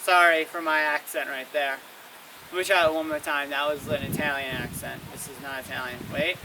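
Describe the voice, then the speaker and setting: A man's voice: fairly high pitch, animated, moderate pace, vocal fry, pauses often, bright, forceful tone. A man giving a casual, rambling weather vlog outdoors, often correcting himself. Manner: rambling, self-correcting, trying foreign words. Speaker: weather vlogger. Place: outdoors in wind. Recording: distant windy outdoor recording.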